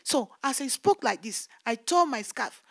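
A woman's voice: sits high, expressive, unhurried, gravelly, dry recording, clean studio sound. A woman evangelist giving a fervent testimony sermon, repeating her exclamations of praise.

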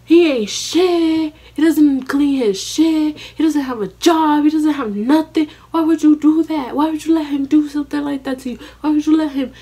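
A woman voicing a fed-up middle-aged mother who loudly berates a young woman with rapid, repeated questions. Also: sits high, pitched above the performer's own voice. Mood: scolding. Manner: loud, berating, repetitive questions.

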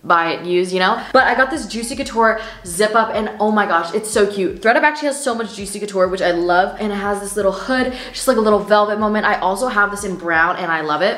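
Young woman, bubbly slangy chat, roomy echo, light hiss, mid pitch. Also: fast, few pauses, a bit bright. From Canada. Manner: bubbly, slangy, lots of "like" and "literally". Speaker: fashion vlogger. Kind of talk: sponsored try-on haul chat. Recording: echoey room, faint noise.

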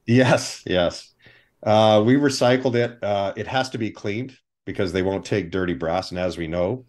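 A man with a fairly low voice tells stories from his years on film sets as an interview guest. He talks with energy, often slipping into the voices of the people he quotes. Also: a little slow. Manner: animated anecdotes, acts out quoted people. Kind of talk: storytelling interview.

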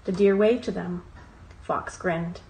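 A woman reading a children's storybook aloud in a calm, soft way. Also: fairly low pitch, slow pace, rough recording.

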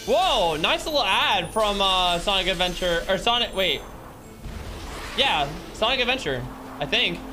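A young male streamer with a high-pitched, lively voice chats casually about the video game he's playing, speaking at a measured pace. He jokes around and greets viewers by name while game music plays in the background.

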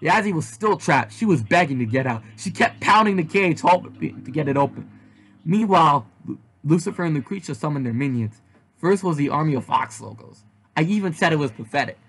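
A man reading a fan story aloud in a husky, slightly breathy voice that sits a bit high for a man. His delivery is animated, and the reading moves along at a lively clip. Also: fairly quick. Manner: animated, with shouted outbursts. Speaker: reader.

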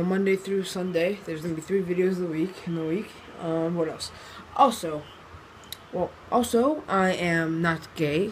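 A teenage boy from New Jersey telling a story in a casual vlog, rambling and excitable with lots of fillers and restarts. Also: a little high, slight background noise. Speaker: vlogger.

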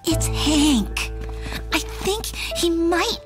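A woman voicing a small, anxious boy kitten who whines and gets excited easily. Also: extremely high pitch, very slow, over loud music, full character voice. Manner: whiny, excitable cartoon kid.

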